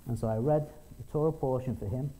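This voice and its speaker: A man's voice: medium pitch, brisk, warm tone, poor audio. A middle-aged man preaching a conversational sermon, telling stories and quoting people in small acted voices. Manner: conversational, with restarts and acted quotes. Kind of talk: sermon with storytelling.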